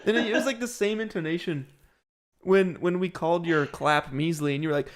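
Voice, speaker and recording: A man hosting a casual livestream, excitable and slangy, calling people dude. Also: a little high, a little fast. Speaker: livestream host.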